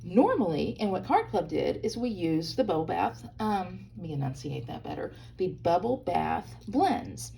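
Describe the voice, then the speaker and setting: A woman's voice: fairly low pitch, very animated, moderate pace, vocal fry, hardly any pauses, dark tone, a little hiss or hum. A woman hosting a hands-on crafting tutorial from a hotel room, chatty and bubbly, talking straight to her viewers. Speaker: craft video host.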